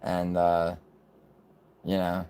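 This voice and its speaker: A man with a very low voice talks through a live reaction stream. He is blunt, scornful and full of swearing, and he rambles between points. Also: monotone, very slow, mellow, clear, resonant tone. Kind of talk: casual live-stream commentary.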